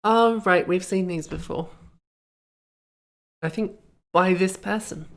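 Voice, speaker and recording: A woman's voice: lowish voice, slow. A young woman streaming a game, rambling and cracking self-amused jokes as she plays. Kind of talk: casual commentary while playing.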